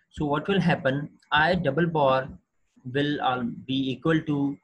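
A man giving a recorded linguistics lecture, talking haltingly with many fillers and restarts. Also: mid-range voice, a bit bright, breathy edge, rough recording.

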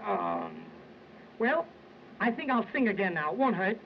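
Male comic with a high voice, brisk joke-telling, muffled old film sound. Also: very animated, a little hiss or hum. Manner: brisk wisecracking storyteller. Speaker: stage entertainer. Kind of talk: comic patter between songs. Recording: dull lo-fi 1920s sound film with loud music.

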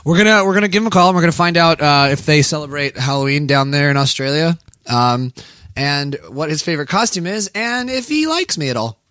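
A man's voice: on the high side, lively intonation, a little fast, a bit bright, no echo, studio quality. An American man co-hosting a comedy show by phone, joking and teasing in a casual chat with lots of laughter. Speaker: podcast co-host.

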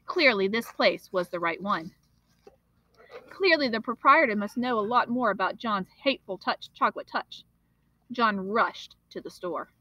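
A woman, a teacher, reading a children's novel aloud in an expressive, steady storytelling manner. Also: medium pitch, normal speed, dry recording, lo-fi sound.

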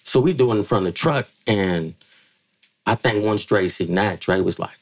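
A middle-aged man from the Bay Area telling stories as a podcast guest, profane and animated, acting out quotes in a higher voice. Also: normal speed. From Bay Area, California. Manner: animated, profane, acts out quotes with jumps in pitch. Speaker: podcast guest, music manager. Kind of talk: casual storytelling interview.

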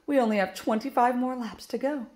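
A woman's voice: fairly high pitch, brisk, darkish tone, voice pushed up, natural voice. A woman reading aloud and voicing a female shark swim coach who announces results to her team. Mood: praising. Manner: announcing, upbeat.

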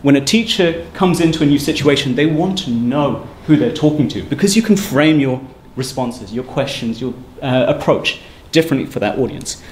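A man giving a university seminar talk, brisk and emphatic in a conversational lecturing manner. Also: medium pitch, animated, darkish tone. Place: lecture room. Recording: echoey room with faint ambient noise.

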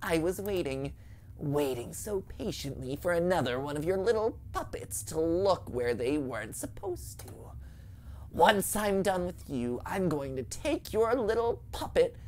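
A woman voicing an evil, witchy female ghost in a low, hushed and slow threatening manner, over light background noise. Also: very animated. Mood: menacing.

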